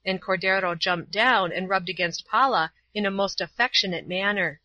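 A woman narrating a storybook in a steady, clear reading voice. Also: mid-range voice, normal speed, dry recording. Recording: dull, dry lo-fi recording.

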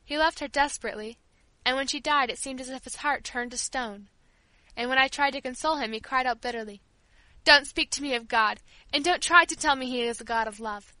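A woman's voice: sits high, brisk, sharp tone, no echo, low-quality recording. A woman voicing a devoted old female family servant who speaks tenderly and earnestly.

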